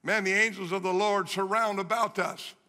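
Male preacher, middle-aged, high voice, animated, echoing sanctuary reverb. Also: moderate pace. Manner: animated storytelling, repeats phrases for emphasis. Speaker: guest preacher. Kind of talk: sermon. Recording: long reverb of a large hall.

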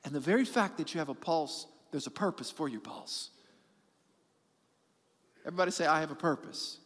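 A middle-aged man preaching a sermon as pastor, animated and repetitive for emphasis, joking with his congregation. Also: a little high, moderate pace, big-room sound.

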